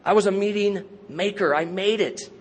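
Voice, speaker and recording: A man's voice: high voice, moderate pace, slight background noise. A man speaking at a recovery convention, telling his story candidly with streetwise slang and self-mocking humor. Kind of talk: personal recovery talk.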